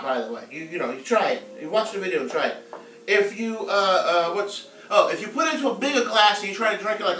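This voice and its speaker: Hosting a casual live cooking stream at home, a man chats playfully and jokes with viewers while he cooks. His voice is high-pitched, pushed and bright. The room is echoey, the mic sits at a distance, and music plays faintly.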